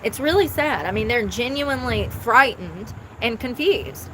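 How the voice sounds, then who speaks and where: A woman's voice: on the high side, lively intonation, moderate pace, fairly bright tone, a little hiss or hum, low-quality recording. A woman chatting casually on a live stream outdoors, blunt and thinking aloud as she talks. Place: outdoors near traffic.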